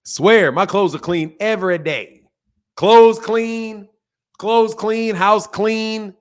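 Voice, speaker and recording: High-voiced man in loose, joking chat. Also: slow, smooth. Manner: loose, joking, slangy, laughs a lot. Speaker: boxing channel host. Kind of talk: casual livestream chat.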